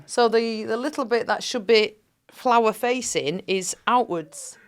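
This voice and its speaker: A woman's voice: on the high side, measured pace, clean tone. Laughing woman telling stories. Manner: animated storyteller, laughs often, acts out quotes. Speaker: podcast co-host. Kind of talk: casual chat.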